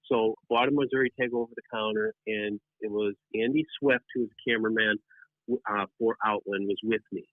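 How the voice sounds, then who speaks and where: A man who is a guest on a podcast, telling a hunting story in an animated, rambling way with many restarts, heard over tinny phone-line audio. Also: on the low side, fairly quick, no echo. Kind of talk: casual storytelling.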